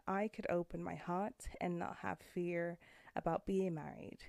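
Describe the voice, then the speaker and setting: A woman in her thirties talks earnestly into her podcast mic from a room at home, her voice low, warm and gravelly with fry. The sound is dry and close, with no room echo. She speaks with open feeling that at times turns emotional. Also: fairly even intonation, moderate pace. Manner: heartfelt and earnest, gets emotional. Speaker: podcast host. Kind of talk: personal podcast monologue.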